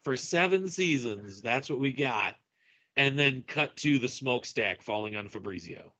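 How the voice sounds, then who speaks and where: A man co-hosting a casual podcast, speaking haltingly, often restarting his sentences and apologizing. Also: mid-range voice, lively intonation, bright, forceful tone, no room sound, low-quality recording. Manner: halting, apologetic, repeats himself. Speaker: podcast co-host.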